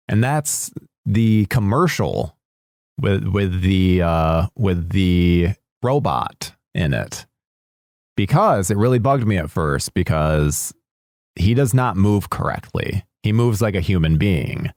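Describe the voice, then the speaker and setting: Male podcast co-host, lowish voice, dry close mic, rambling casual talk. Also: animated, measured pace, a little mellow, dry recording. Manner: rambling, restarts a lot, swears casually. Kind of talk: casual movie chat.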